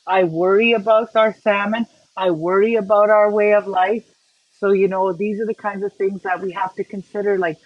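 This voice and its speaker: Woman from Canada hosting a cooking stream, mid-pitched, chatty, faint background noise. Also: poor audio. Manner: chatty, greets viewers by name while cooking. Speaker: cooking show host. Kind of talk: casual livestream cooking chat.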